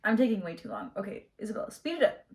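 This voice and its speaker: A young woman chatting casually in her bedroom while she does her makeup, high-energy and slangy. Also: expressive, very fast. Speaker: beauty vlogger. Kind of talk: casual get-ready-with-me chat.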